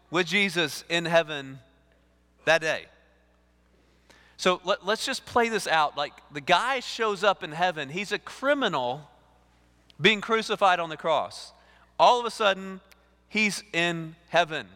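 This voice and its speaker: A male lead pastor, preaching a sermon in an animated way, repeating words and acting out dialogue. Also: sits high, measured pace. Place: church sanctuary. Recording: reverberant church hall.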